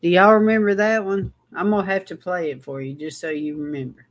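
A man's voice: high-pitched, steady tone, brisk. A man hosting an online show, chatting casually to his viewers while he sets up a clip. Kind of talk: casual commentary.

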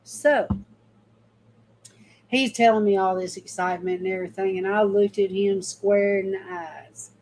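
Talking directly to viewers, this middle-aged woman, a mother, tells her faith testimony like a casual story, folksy and emphatic. She speaks at a measured pace in a medium, slightly mellow voice with fairly even intonation, captured on a rough recording.

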